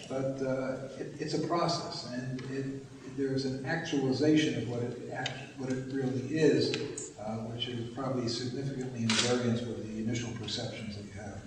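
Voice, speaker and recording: An older man on a panel reflecting on life after retirement, speaking haltingly and thoughtfully with many fillers and wordy phrasing. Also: medium pitch, fairly even intonation. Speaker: panelist sharing retirement experience. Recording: echoey hall, distant mic, background noise.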